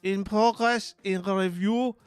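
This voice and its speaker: A prim, over-formal German woman with a heavy mock German accent, as a man puts her on. The voice sits well above his usual pitch and sounds close and dry. Stiff, pompous phrasing throughout. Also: steady tone, takes it slowly, smooth, no echo. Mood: smug.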